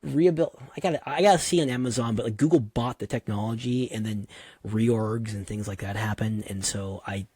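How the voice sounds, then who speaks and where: A man talking as a podcast guest in a casual interview, an animated, digressive storyteller with slangy asides. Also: fairly low pitch, a little fast, breathy edge, no echo.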